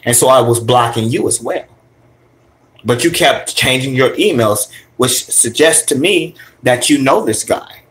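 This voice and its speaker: Livestreaming casually from his phone, a young man walks to a store and then heads inside, rambling, joking, cursing, and talking back to his chat. His mid-range, slightly bright voice has lively intonation and a slightly slow pace.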